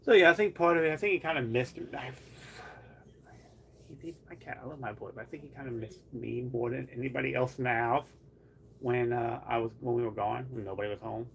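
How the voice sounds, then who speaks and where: A man's voice: mid-range voice, fairly quick, vocal fry, a little hiss or hum. A man live streaming from home, chatting casually in a rambling way full of "like". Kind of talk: casual chat.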